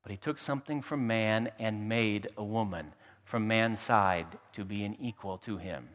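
A man's voice: fairly low pitch, moderate pace, fairly bright tone. A man pastor delivering a sermon in a storytelling, humorous way, often repeating his words as he goes. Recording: long hall reverb.

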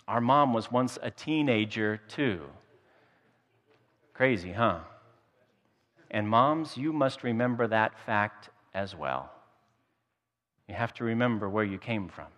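A man's voice: on the low side, lively intonation, takes it slowly, long pauses, fairly bright tone, muffled recording. A man pastor delivering a sermon in a storytelling, humorous way, often repeating his words as he goes. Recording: long hall reverb.

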